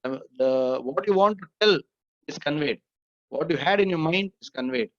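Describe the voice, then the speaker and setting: A man's voice: a little high, lively intonation, normal speed, vocal fry, no room sound, muffled recording. A man lecturing as an assistant professor, explaining step by step, repeating points and checking if students follow. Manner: repetitive, explanatory, checks understanding with "okay?". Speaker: assistant professor teaching English. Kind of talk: classroom lecture.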